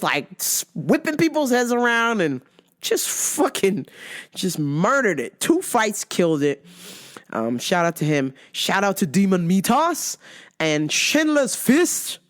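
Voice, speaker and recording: Woman host, casual profane recap chat, very animated pitch. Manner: animated, swears constantly, laughs often. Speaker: show host.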